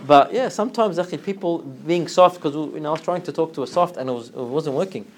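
A man giving an informal religious talk, telling a story with lively acted-out dialogue and frequent laughter. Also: a little high, fast talker, slight background noise. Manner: animated storytelling, acts out dialogue, laughs often. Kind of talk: informal religious lesson with anecdote.

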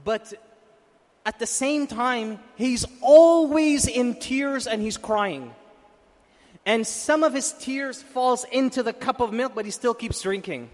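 A man preaching, telling a story with animated questions to his audience. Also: extremely high pitch, takes it slowly. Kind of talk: storytelling sermon. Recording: long reverb in a hall.

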